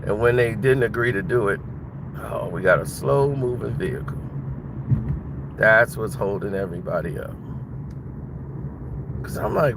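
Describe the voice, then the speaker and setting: A man's voice: lowish voice, expressive, measured pace, pauses often. A man giving blunt, mocking casual commentary while driving. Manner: blunt, mocking, laughs at his own jokes. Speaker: vlogger. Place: inside a car, driving. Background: faint car and road noise.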